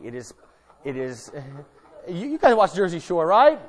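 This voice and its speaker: A middle-aged man, a pastor, giving a conversational sermon with casual jokes, moving between lively emphasis and hushed earnestness. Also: medium pitch, moderate pace.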